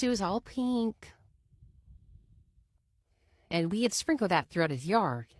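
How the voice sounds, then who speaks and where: Woman telling a story, lively up-and-down voice, dry close sound, keeps saying you know. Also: mid-range voice, no echo. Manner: animated, chatty, peppered with "you know". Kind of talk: casual storytime chat.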